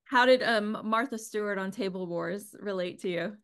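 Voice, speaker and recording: A woman hosting a casual interview who asks short questions and gives warm, admiring interjections. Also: medium pitch, normal speed, clear, resonant tone. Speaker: host.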